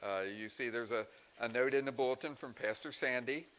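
A man making church announcements and telling a joke, folksy and halting. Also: medium pitch, fairly bright tone, low-quality recording. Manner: folksy, halting with many fillers. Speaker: church leader giving announcements.

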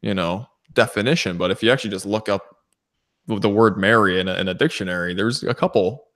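This is a man with a low voice in a casual scripture discussion. He is affirming and friendly, and he speaks to his listeners as brothers and sisters. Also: fairly quick, fairly bright tone.

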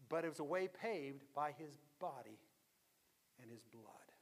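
A pastor with a high, light voice tells a story from the pulpit. He shifts from lively delivery to hushed, weighty moments for emphasis, and his words ring out with a long echo through the church. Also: measured pace, slightly rough. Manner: dramatic, drops to hushed tones for emphasis. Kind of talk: storytelling sermon. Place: church sanctuary. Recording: long reverb of a large hall.

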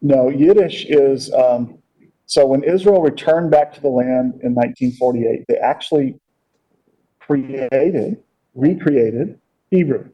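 A man teaching a casual Bible class, talking in a halting way with many fillers and repeated words, on a dull lo-fi recording. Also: mid-range voice, dark tone, husky.

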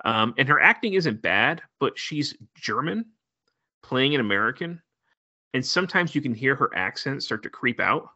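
A man's voice: mid-range voice, sing-song, normal speed, sharp tone, no room sound, dull audio. A man co-hosting a podcast, chatting casually and wryly about a horror movie with lots of fillers. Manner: laid-back, filler-heavy, wry. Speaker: podcast co-host. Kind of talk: casual movie review chat.

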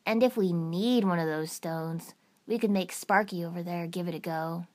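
A woman's voice: on the low side, normal speed, a little mellow, close to an everyday voice. A woman doing a grumbling sardonic boy. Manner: gruff and mulish. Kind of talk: fan fiction audiobook reading.

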